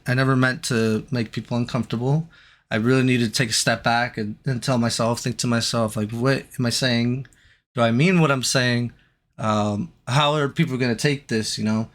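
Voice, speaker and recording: A man speaking on a stream, apologizing in a halting, unsure way. He restarts his sentences and fills pauses with ums and uhs. His voice sits at a middle pitch for a man. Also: fairly bright tone. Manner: hesitant, halting, many restarts and fillers.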